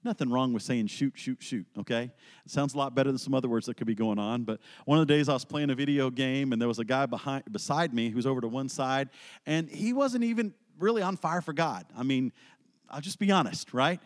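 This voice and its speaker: A man's voice: mid-range voice, animated, a little fast, in a large hall. A man preaching an earnest, emphatic sermon, weaving in personal stories.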